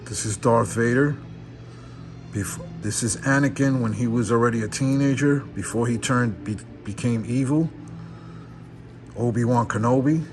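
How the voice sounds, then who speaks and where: A man's voice: mid-range voice, moderate pace. A man opening trading card packs on camera, awestruck and repeating exclamations of wonder. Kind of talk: excited unboxing commentary. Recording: background music.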